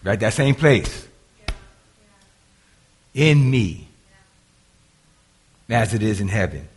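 Older man, pastor, sermon, husky voice, lively rising and falling pitch, hushed then loud. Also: slow pace. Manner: preaching with sudden swings from hushed asides to loud, high bursts.

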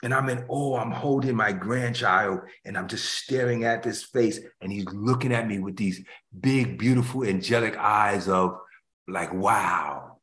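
An older man, a pastor, preaching an emotional sermon that swings between hushed tones and loud emphasis. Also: fairly low pitch, measured pace. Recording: echoey room.

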